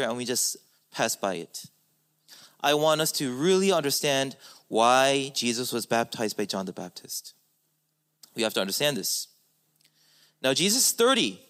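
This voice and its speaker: A man's voice: high-pitched, fairly bright tone. A man preaching a sermon as a pastor, emphatic, with his voice rising and falling for stress.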